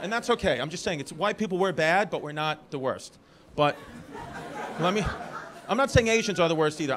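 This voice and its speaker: High-voiced rambling comedian man. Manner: rambling, teasing, self-interrupting. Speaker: stand-up comedian. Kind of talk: stand-up comedy with crowd work. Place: comedy club. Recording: live club with loud crowd and noise.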